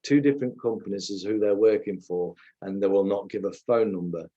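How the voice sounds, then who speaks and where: A man's voice: lowish voice, brisk, mellow, lo-fi sound. A man giving indignant, ranting commentary on a livestream, swearing as he goes.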